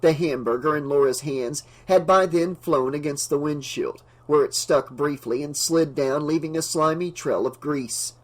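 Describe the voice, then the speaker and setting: Brief: man narrating an audiobook, steady and even, voice a touch high. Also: moderate pace, hardly any pauses.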